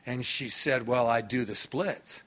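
A middle-aged man preaching in a church, telling healing stories with lively enthusiasm. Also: medium pitch, unhurried, muffled recording. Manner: animated, enthusiastic storyteller. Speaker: guest preacher. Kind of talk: sermon storytelling. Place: church hall.

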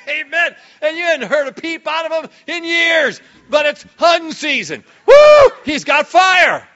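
A male pastor preaching a sermon with lots of energy, dropping low and quiet, then breaking into sudden shouts. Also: expressive, measured pace, dull audio, some chatter behind.

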